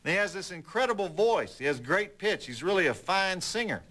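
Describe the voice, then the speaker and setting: A middle-aged man hosting a late-night movie show, telling stories and jokes in a wry, deadpan way. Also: high voice, a little fast. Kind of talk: folksy TV host patter and joke telling.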